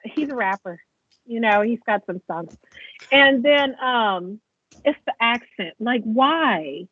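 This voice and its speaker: A woman's voice: on the high side, lively intonation, slow pace. A woman co-hosting a wrestling podcast remotely, sarcastic and opinionated in casual chat. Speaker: podcast co-host. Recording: tinny phone line, dry.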